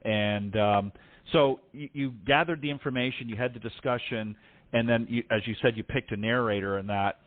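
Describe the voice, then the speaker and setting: A man hosting a golf talk show, interviewing a guest with halting, filler-heavy questions. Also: mid-range voice. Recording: tinny phone line.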